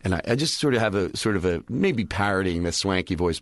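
A man's voice: sits low, lively intonation, fast talker, hardly any pauses, no echo. A man, a stand-up comedian, chatting casually and rambling through stories, acting out his own club announcements. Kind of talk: casual podcast chat.

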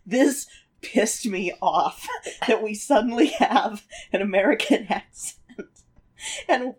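A woman's voice: medium pitch, animated, slow, husky. A woman co-hosting a podcast in casual comedic chat, making dry, wry asides and pointed remarks. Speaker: podcast co-host.

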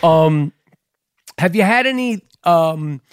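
A man's voice: a little high, animated, slow, clear, resonant tone. A man hosting a podcast in casual chat, brash and teasing, swearing often. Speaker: podcast host.

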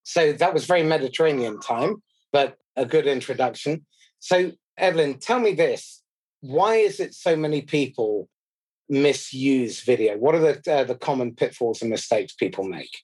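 A man's voice: medium pitch, lively intonation, moderate pace, darkish tone, husky, no room sound. A man hosting a podcast, asking brief, plain questions in an interview. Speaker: podcast host.

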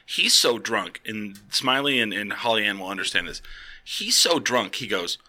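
A man's voice: fairly low pitch, normal speed. A man co-hosting a casual chat, telling profane stories with laughter. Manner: animated, profane, laughing storyteller. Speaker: co-host.

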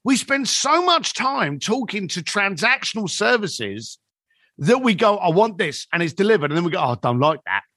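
Animated man in his fifties telling stories. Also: high voice, normal speed, no echo, clean studio sound. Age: 50s. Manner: animated storyteller acting out quoted dialogue. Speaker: podcast guest. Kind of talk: storytelling in a podcast conversation.

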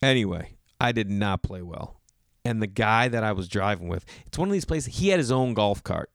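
Guy comic telling stories, really lively pitch, dry close sound. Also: moderate pace, no room sound. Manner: animated, acts out people in raised voices. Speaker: comedian. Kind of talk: casual storytelling.

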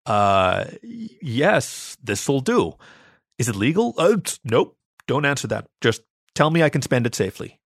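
A man's voice: medium pitch, big pitch swings, measured pace, gravelly, breathy edge, no room sound, studio quality, heavily acted. A man voicing a flustered, exasperated pregnant female canine who stammers and protests.

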